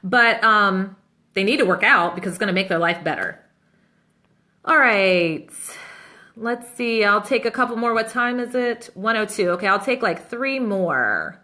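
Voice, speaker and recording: A woman in her thirties, a business coach answering questions in a casual live Q&A, chatty and upbeat and quick to laugh. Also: medium pitch, expressive, sharp tone. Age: 30s.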